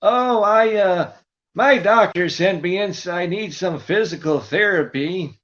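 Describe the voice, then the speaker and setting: A man doing a high, dim-witted forgetful guy. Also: unhurried, fairly bright tone, muffled recording. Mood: confused. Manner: confused, rambling, cheerfully dim. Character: forgetful, goofy man who talks in circles.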